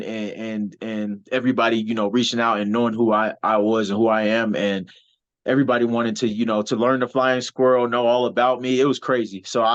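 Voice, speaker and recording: A man, a wrestler and soldier, telling stories in a casual interview with lots of fillers and restarts. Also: medium pitch. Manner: animated, rambling storyteller, many fillers. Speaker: wrestler and soldier, podcast guest. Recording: slightly dull, lo-fi audio.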